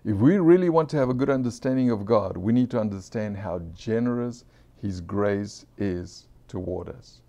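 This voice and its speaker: A man's voice: lowish voice, moderate pace, dark tone. A man preaching an informal sermon, earnest and conversational, repeating phrases for emphasis and asking his listeners questions.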